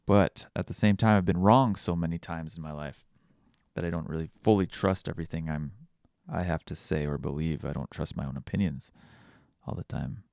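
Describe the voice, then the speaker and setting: A man hosting a podcast, thinking out loud in a casual reflective monologue, searching for words with frequent restarts. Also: a bass voice, moderate pace, gravelly, dry recording, studio quality. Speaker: podcast host.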